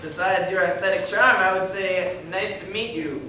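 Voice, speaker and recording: A man's voice: high-pitched, normal speed, heavy background noise, natural voice. An actor playing a brash, crude young male stand-up comedian, firing off wisecracks on stage. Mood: cocky, joking. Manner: wisecracking, crude joke delivery. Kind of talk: stage acting in a reading. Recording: echoey room from far off.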